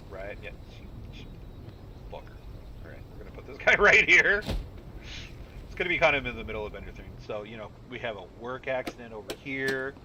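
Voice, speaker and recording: A man doing casual let's-play commentary, talking to himself with sudden shouts and mutters. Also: medium pitch, background noise. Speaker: gaming YouTuber.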